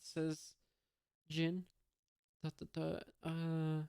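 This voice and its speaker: Slow unhurried reader, monotone delivery, halting with fillers, reads punctuation and sound effects aloud, dry asides. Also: mid-range voice, clear, resonant tone, dry recording. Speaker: comic reader. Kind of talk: casual read-aloud of a comic.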